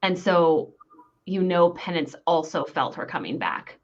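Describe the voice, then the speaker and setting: Woman player, low and animated, enthusiastic; muffled lo-fi audio. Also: a little slow. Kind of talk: casual chat at a game table. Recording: dull lo-fi sound.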